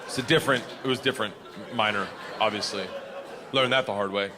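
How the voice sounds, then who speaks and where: A man's voice: lowish voice, fairly even intonation, quick pace, a crowd in the background. A middle-aged man telling a rowdy, profane stand-up story, often laughing through his lines. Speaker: stand-up comedian.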